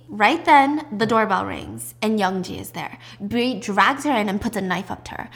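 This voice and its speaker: A woman's voice: animated, normal speed, creaky, hardly any pauses, fairly bright tone. A woman casually recapping a drama, acting out the characters' lines and swearing freely. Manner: swears freely, acts out the lines with big pitch jumps. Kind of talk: casual recap with acted dialogue.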